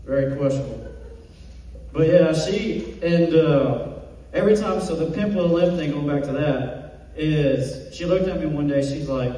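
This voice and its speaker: This stand-up comic's voice is on the high side and dark in tone, moving a little slowly. He performs self-deprecating jokes and acts out quotes, captured from a distance in an echoey hall.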